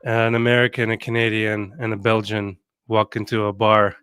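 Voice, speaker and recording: A man hosts a casual football podcast, chatty and quick with a joke. His voice is mid-pitched, and the recording is dry, with little room sound. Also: monotone, fairly bright tone, clean tone, no room sound. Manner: jokey and chatty. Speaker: podcast host.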